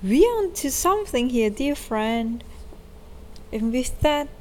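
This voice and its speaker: A woman reading a children's story aloud in a gentle, unhurried way. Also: medium pitch.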